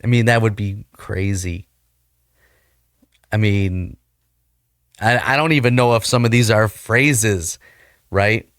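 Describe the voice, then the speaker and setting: A man's voice: lowish voice, slow pace, pauses often, a bit bright, dry recording, clean studio sound. An American man hosting a casual reaction video, chatty and poking fun at himself as he tries out unfamiliar slang. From United States. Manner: chatty, self-deprecating, trying out slang.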